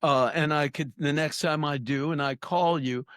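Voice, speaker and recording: A talkative, animated man speaking as a guest in a conversational podcast interview, often restarting his sentences. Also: a little high, normal speed, clean tone, no echo, clean studio sound.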